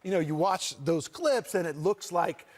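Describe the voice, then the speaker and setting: Male, 40s, from Boston, slightly higher voice, loose rambling guest-chat delivery. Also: moderate pace. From Boston area. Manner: relaxed, rambling with frequent restarts and fillers. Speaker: guest actor. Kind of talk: casual chat.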